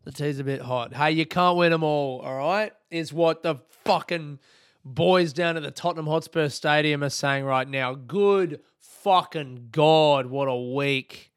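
A man's voice: on the high side, unhurried, smooth, no room sound, studio quality. A young Australian man hosting his own podcast, chatting casually in a rambling, laid-back way with plenty of swearing. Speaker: podcast host. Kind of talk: casual solo podcast chat.

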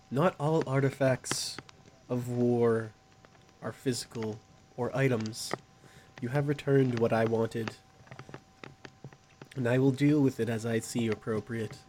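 A female demon patron with leathery wings speaks slowly and coolly, talking down to a mortal, played by a man in a tabletop game. The voice is unhurried and condescending. A faint hiss sits behind it. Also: medium pitch, a little mellow, lightly acted, poor audio. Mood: smug. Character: female winged horned demon patron, smug.

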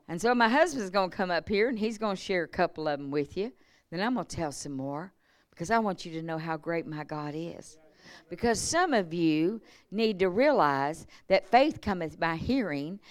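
A woman evangelist preaching at a church revival, moving from hushed storytelling to shouted emphasis. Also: on the low side, clean tone, no room sound. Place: church service.

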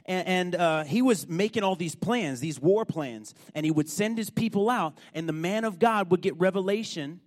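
A man preaching a sermon, telling a story with animated, emphatic build-ups. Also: sits high, moderate pace, hardly any pauses. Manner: animated storytelling, rising to loud emphatic points.

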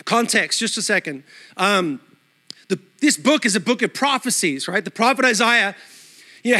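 Aussie-american pastor guy preaching in church, chatty, pretty high voice, bright and ringing. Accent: Australian with some American. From Australia. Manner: lively and conversational, asks the congregation questions. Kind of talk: sermon. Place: church sanctuary.

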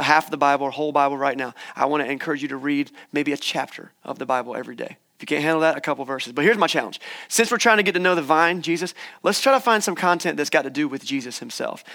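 A young male pastor delivers a sermon in a church with a slightly high-pitched voice. He talks to the congregation in a conversational, encouraging way and drops playful asides along the way. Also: creaky, bright, forceful tone. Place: church hall.

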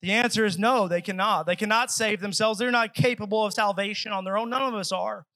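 A man's voice: sits high, fairly even intonation, fairly quick, bright, forceful tone, dry recording, poor audio. A man preaching a sermon at a church service, earnest, and acting out pleading voices as he speaks.

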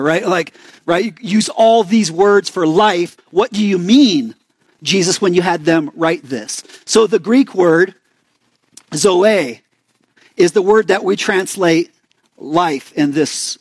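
A man's voice: sits high, dry recording. A young man with an Arizona accent preaching a sermon in a conversational way, often asking the congregation questions. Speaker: pastor.

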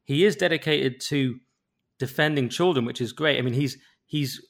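A man's voice: mid-range voice, moderate pace, creaky. A man co-hosting a podcast, talking casually and giving his opinions. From England. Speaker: podcast co-host. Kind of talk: casual chat.

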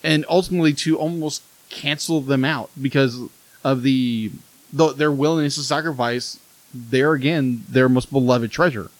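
A man co-hosting a casual review chat, easygoing and halting, laughing often. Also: medium pitch, steady tone, no room sound, rough recording. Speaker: podcast co-host.

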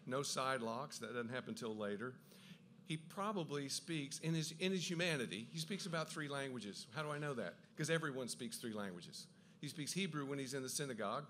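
Man, Bible teacher, enthusiastic lecture, quick asides, restarts, medium pitch, faint background noise. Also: lively intonation, a bit bright. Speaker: Bible teacher giving a talk. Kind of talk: lively lecture on the Gospels.

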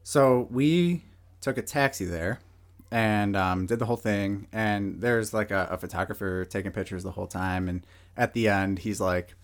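A man's voice: on the low side, moderate pace. A man guesting on a podcast, telling a travel story in a laid-back, rambling way full of fillers. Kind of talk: casual storytelling.

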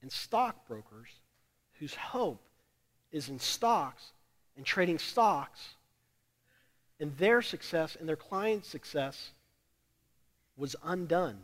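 Brief: male pastor, high voice, sermon delivery with sharp swings between hushed and loud emphasis, speaks to the congregation, long church-hall reverb. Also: lively intonation, slow, pauses often. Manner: repeats lines for emphasis and addresses the congregation directly. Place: church sanctuary during a service.

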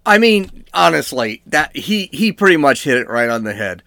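Man arguing in lively political commentary. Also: fairly high pitch, moderate pace, creaky, no room sound, studio quality. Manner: argumentative, with many repeated rhetorical questions. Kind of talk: opinionated commentary.

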